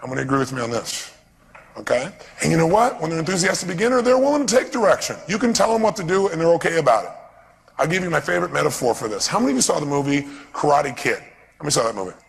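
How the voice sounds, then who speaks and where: A man giving a live seminar talk in a large hall, lively and constantly quizzing the audience with questions. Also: fairly high pitch, very fast, creaky. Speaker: seminar speaker. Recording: echoey hall with long reverb.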